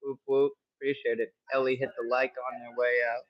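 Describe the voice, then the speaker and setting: A man hosting a casual livestream from home, talking in a relaxed, rambling way with many fillers. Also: mid-range voice, brisk, no echo. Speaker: livestream host. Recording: dull lo-fi stream audio.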